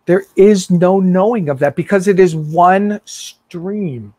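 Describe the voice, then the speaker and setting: Man pastor, earnest sermon, vivid storyteller, higher voice, dry. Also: takes it slowly, warm tone, no echo. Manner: vivid storytelling, acting out quotes; earnest, inviting.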